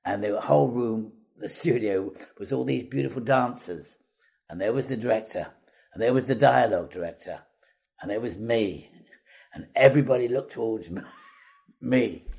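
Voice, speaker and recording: Older man, husky storyteller. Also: medium pitch, normal speed. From Wales. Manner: chatty, self-deprecating, lively with hesitations. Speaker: veteran actor guest. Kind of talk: anecdotal storytelling.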